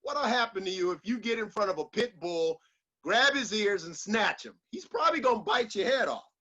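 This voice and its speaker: A man's voice: high-pitched, animated, moderate pace, sharp tone, highs cut off. A man giving a motivational speech in an emphatic, repetitive, preacher-like delivery. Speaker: motivational speaker.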